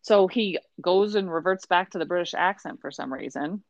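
Middle-aged woman podcast host, lowish voice, wry chatty recap, dry close sound. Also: moderate pace, no echo, highs cut off. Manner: chatty, wry, exasperated asides. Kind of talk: casual recap chat.

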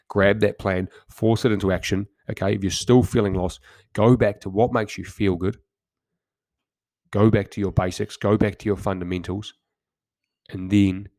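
A deep, gravelly male voice delivers a motivational podcast monologue in a flat, steady tone. He speaks in short, direct commands and often trips over repeated words. The sound is dry and close, with no room around it. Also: no room sound. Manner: direct, punchy exhortations with stumbling repeated words. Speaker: podcast host.

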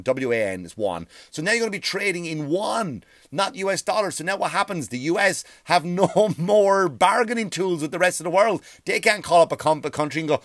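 A man's voice: fairly high pitch, lively intonation, normal speed, fairly bright tone, no echo, studio quality. A man hosting a podcast, ranting in a profane, rambling monologue, often stumbling over his words. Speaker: podcast host.

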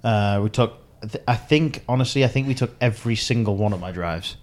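Young male podcast co-host, lowish voice, rambling and giggly storyteller. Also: fairly quick, heavy background noise. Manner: rambling, laughs often, acts out quotes. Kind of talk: casual storytelling chat.

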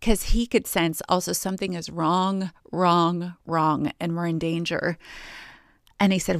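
A married woman telling a personal faith testimony in an earnest, reflective way, with pauses and fillers. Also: fairly low pitch, fairly even intonation, dry recording, studio quality. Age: adult, married. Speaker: Christian speaker sharing a testimony.

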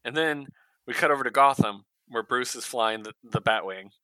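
A man on a comics podcast tells a story with animated energy, jumping into little voices for the characters. His tone is very bright and cutting, and the recording is dry and close, with no room sound. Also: mid-range voice, moderate pace, no echo, rough recording. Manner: animated storyteller, acts out character lines with laughs. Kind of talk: casual podcast chat retelling a comic.

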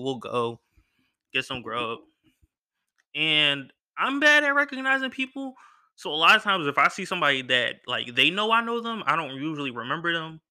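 Bright-voiced young man telling a story. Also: on the high side, smooth. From Philadelphia, US. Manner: animated storyteller, acts out quoted voices. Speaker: podcast host. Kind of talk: casual storytelling monologue.

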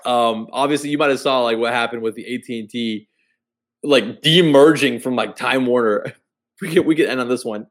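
Male co-host, Texan accent, relaxed swearing banter, average pitch. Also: moderate pace. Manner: loose, swears a lot, laughs often. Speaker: podcast co-host. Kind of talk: casual chat.

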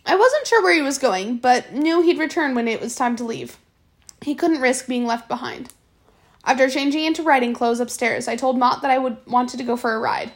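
Woman, high voice, audiobook narration, steady storytelling. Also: moderate pace. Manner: steady storytelling with small restarts. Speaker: audiobook reader. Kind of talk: reading a novel aloud.

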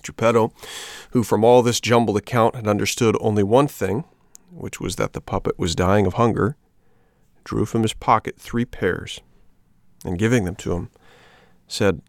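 A man narrating a storybook in a measured, even way. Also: on the low side, no room sound, studio quality. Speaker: audiobook narrator.

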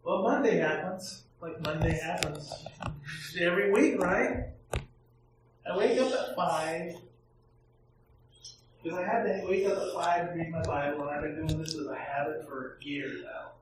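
A man's voice: fairly high pitch, unhurried, long pauses, distant mic, noisy background. A middle-aged male pastor telling a candid, self-deprecating personal story as a sermon in a church. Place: church sanctuary. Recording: echoey church, heard from afar.

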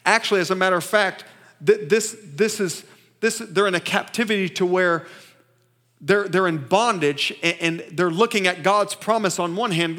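A man's voice: high voice, moderate pace, bright, forceful tone. A man preaching a sermon to a church congregation, emphatic and repetitive, often asking the crowd to answer back. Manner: call-and-response with the congregation; emphatic, repeats phrases and restarts. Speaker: pastor. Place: church service.

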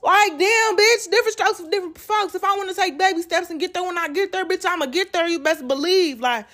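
A woman's voice: very high-pitched, a little fast, fairly bright tone. A woman hosting a podcast, ranting casually and bluntly with lots of profanity, acting out what other people say. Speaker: podcast host. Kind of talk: casual rant.

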